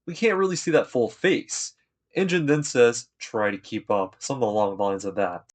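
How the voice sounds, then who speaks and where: A man talks through an anime episode in a relaxed, chatty way. He drops slang and retells each scene with easy enthusiasm, in a voice of ordinary middle pitch. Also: a little fast. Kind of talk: casual episode recap.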